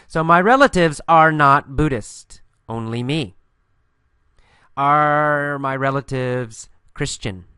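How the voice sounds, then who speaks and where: Male English teacher, bright crisp voice, patient and repetitive, close dry mic. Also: a little high, no echo. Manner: slow, patient, repeats key phrases and answers his own questions. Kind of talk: English listening lesson with questions and answers.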